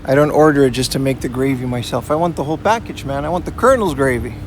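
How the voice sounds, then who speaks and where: A man livestreams while walking city streets outdoors, talking fast in a mid-range voice over a noisy background. As an IRL streamer with a portable rig, he chats casually, reads and answers his chat in a relaxed way, and keeps saying "man" and "you know."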